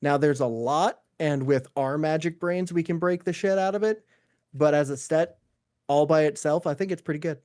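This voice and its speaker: A man co-hosting a gaming podcast in casual chat, relaxed and easygoing as he asks questions. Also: fairly high pitch, moderate pace.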